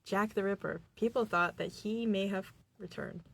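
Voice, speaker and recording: A woman's voice: mid-range voice, normal speed, vocal fry. A young woman from Boston co-hosting a podcast in a small studio, telling a case in casual chat, giggly and full of fillers. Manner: giggly, rambling with many fillers. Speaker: podcast co-host.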